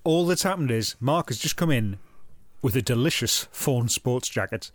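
A man's voice: mid-range voice, lively intonation, normal speed, no room sound. A man co-hosting a comedy podcast about old television, mocking it with dry humour. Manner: mocking, mimics accents while joking. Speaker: podcast co-host. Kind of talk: casual comedic chat reviewing old TV.

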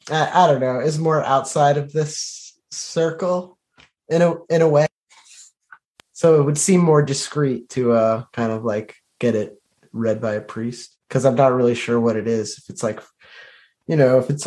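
A man's voice: medium pitch, a little mellow. A man playing a knight in a tabletop game, talking hesitantly with many fillers and restarts. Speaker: player. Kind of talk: tabletop role-play, describing his knight.

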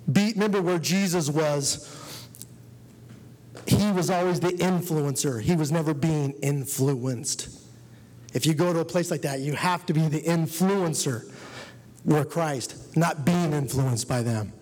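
Man, church testimony, earnest storytelling, slightly high voice, long hall reverb. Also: a little mellow. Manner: earnest, storytelling, exhorting listeners. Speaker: guest giving a church testimony. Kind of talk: personal testimony to a congregation.

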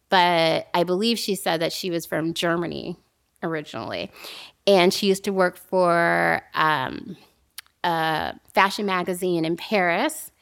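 A woman casually telling a story to a friend on a podcast, animated and laughing often. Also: lowish voice, creaky.

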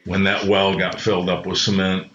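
A man's voice: deep voice, completely flat delivery, moderate pace, a bit bright. A middle-aged man, a podcast guest, telling earnest personal stories with many restarts. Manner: earnest, rambling with frequent restarts. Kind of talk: reflective personal storytelling. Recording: roomy, slightly muffled sound.

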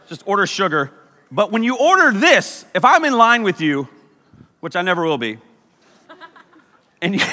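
A man's voice: high-pitched, sharp tone. A young man preaching a comedic sermon as youth pastor, joking and teasing the crowd in a church hall. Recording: long hall reverb.

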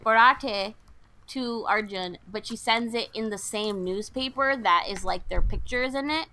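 A woman's voice: on the high side, measured pace, bright, forceful tone. A woman chatting casually on a podcast, recapping a film and acting out the characters' lines.

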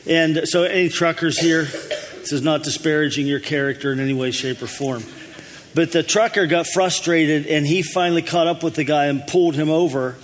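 A pastor with a slightly high voice eases into his message with folksy jokes, chuckling along as he goes. He speaks from the front of a church, and a long hall reverb trails behind his words. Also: steady tone, normal speed. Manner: folksy, easygoing joke-telling with a chuckle. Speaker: lead pastor. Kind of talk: telling jokes before a sermon.

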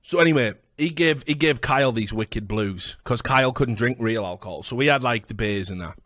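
A man's voice: medium pitch, fairly bright tone, dry recording, studio quality. A man hosting a podcast, telling sweary stories and acting out what people said. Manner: fast sweary anecdotes, acts out quotes. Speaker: podcast host. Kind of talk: casual storytelling chat.

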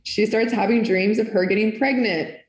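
An earnest woman tells her faith story in casual, heartfelt speech, with plenty of "like" as she goes. Her pitch sits in the middle. The recording is echoey, as if made in a bare room. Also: fairly even intonation, normal speed. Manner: earnest and emotional, lots of "like". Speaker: faith testimony speaker. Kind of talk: personal testimony, casual.

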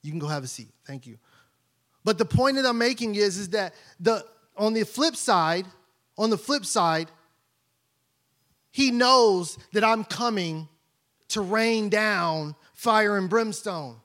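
A man's voice: high voice, lively intonation, takes it slowly, a bit bright. A man preaching a conversational sermon as pastor, playful and often checking in with the congregation.

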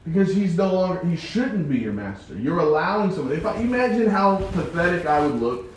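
A man's voice: high-pitched, brisk. A man preaching in an echoey room. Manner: animated preaching with acted-out quotes. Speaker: Bible study teacher. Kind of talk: sermon. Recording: distant mic, echoey room, faint background hum.

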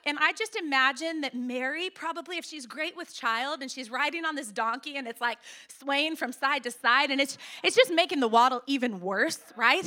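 Bright, high-voiced woman pastor preaching. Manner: animated storytelling with playful asides. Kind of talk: sermon.

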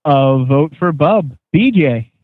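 A man hosting a casual podcast chat, moderating the panel's votes in an animated way. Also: a little high, slow, no echo. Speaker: podcast host. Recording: tinny lo-fi phone-like sound.

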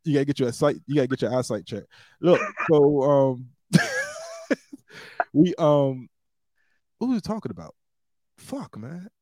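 A man's voice: mid-range voice, animated, measured pace, pauses often, warm tone, no echo. A man hosting a casual podcast on a wired desk mic, rambling with lots of fillers, restarts and laughs. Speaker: podcast host. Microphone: wired desk microphone.

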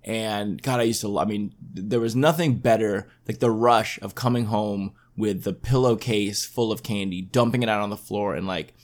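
A man's voice: lowish voice, moderate pace, few pauses. A young man hosting a casual podcast, talking with his mother in a laid-back, joking way. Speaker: podcast host. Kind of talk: casual family chat podcast.

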